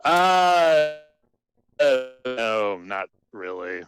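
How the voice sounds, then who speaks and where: A man calling in to a show, low-key and hesitant with lots of pauses. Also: sing-song. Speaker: caller. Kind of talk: casual chat.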